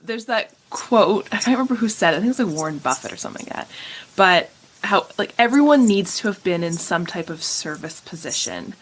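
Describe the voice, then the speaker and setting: A woman's voice: mid-range voice, expressive, brisk. A woman hosting a casual interview, chiming in with encouraging remarks. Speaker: podcast host.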